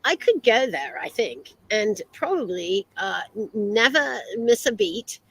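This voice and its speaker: A woman's voice: medium pitch, big pitch swings, measured pace, a bit bright, husky, rough recording. An American woman co-hosting a casual podcast chat, rambling with many fillers and restarts. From United States. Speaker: podcast co-host.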